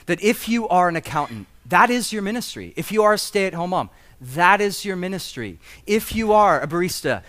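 A man's voice: sits high, big pitch swings, normal speed, a bit bright. A man preaching a conversational sermon as pastor, with humorous asides and rising emphasis.

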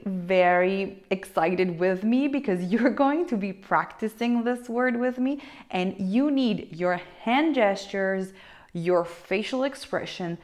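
A woman, a teacher giving a playful, expressive online language lesson with wide swings in intonation. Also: mid-range voice. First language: Italian. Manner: expressive, playful, shifts intonation widely for examples.

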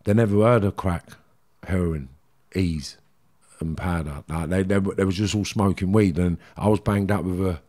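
A man's voice: sits low, moderate pace, a little mellow. A middle-aged man with a London Cockney accent, a podcast guest candidly telling rambling, streetwise stories from his past. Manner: streetwise, rambling, frequent "do you know what I mean". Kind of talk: candid storytelling interview.

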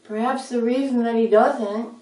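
A woman reading aloud puts on a tender mother hen from a storybook, lilting in rhymes and calling her chick sweet names. The voice sits higher than her own and carries from a distance through an echoing room. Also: fairly even intonation, moderate pace, close to an everyday voice. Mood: tender, wise. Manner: soft rhyming sing-song counsel with pet names. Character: gentle motherly hen giving advice. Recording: roomy echo, voice from a distance.

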